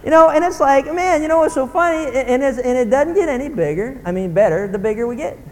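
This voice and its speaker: A male pastor preaching a sermon in an animated way, acting out grumbling voices. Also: very high-pitched, fast, big-room sound.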